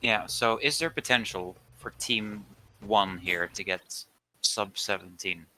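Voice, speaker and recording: A man's voice: lowish voice, slow pace, sharp tone. A man casually commentating a speedrun, thinking aloud and speculating with hesitant fillers.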